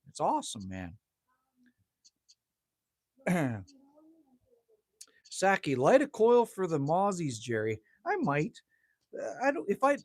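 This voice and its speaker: Husky, laid-back guy livestreaming. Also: a little high, no room sound, clean studio sound. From Manitoba, Canada. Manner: laid-back and chatty, teases himself, swears lightly, says "man" often. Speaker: livestream host. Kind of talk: casual livestream chat reading viewer comments. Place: outdoors at a cabin in the evening.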